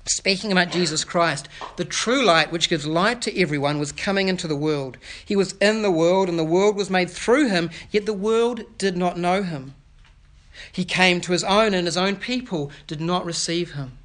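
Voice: mid-range voice, normal speed, a bit bright. A pastor preaching an earnest sermon that explains scripture and puts questions to the children.

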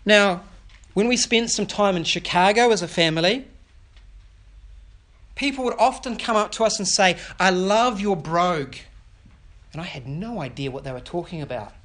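Kiwi-preacher, earnest sermon, asking the kids stuff, average pitch. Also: lively intonation, normal speed, fairly bright tone. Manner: addresses children with questions, earnest, explains scripture. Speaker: pastor.

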